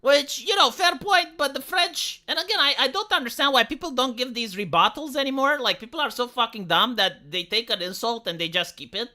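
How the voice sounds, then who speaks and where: Bright-voiced ranting streamer man. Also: extremely high pitch, brisk, hardly any pauses. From Romania. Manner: profane, ranting, rhetorical questions. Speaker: live streamer. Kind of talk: opinionated live-stream commentary.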